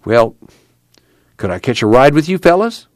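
Brief: man reading as a sorry-for-himself one-eyed loner, whining, lively swings in pitch. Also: normal speed, no echo, clean studio sound, lightly acted. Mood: bitter. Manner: whiny, complaining drawl. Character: self-pitying one-eyed man, bitter and weepy.

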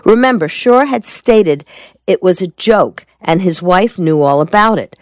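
A woman reading a shrewd male defense lawyer from a storybook, calm and measured, who deflects every question with dry composure. His voice sits a touch above her own low tone and sounds close and dry. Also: no echo. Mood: explaining. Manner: cool, measured and evasive.

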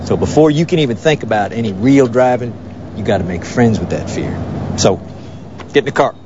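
A man's voice: mid-range voice, expressive, a little fast, lightly acted. An actor in his fifties playing a scruffy, washed-up estranged father who talks in a brash, rambling way, heard in a film clip. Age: 50s. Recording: dull lo-fi film clip with noise.

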